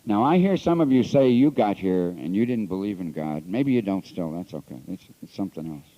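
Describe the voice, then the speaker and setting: A man's voice: sits low, lively intonation, brisk. Man on an old lo-fi talk tape. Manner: earnest confessional storytelling, swings between hushed and emphatic. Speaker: priest sharing at an AA convention. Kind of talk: recovery talk. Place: convention hall. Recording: dull lo-fi 1980s tape recording.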